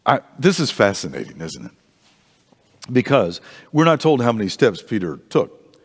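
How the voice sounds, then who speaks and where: A man teaching an adult Bible class in a church, conversational and animated, often restarting his sentences, in a reverberant hall. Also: on the low side, normal speed, husky.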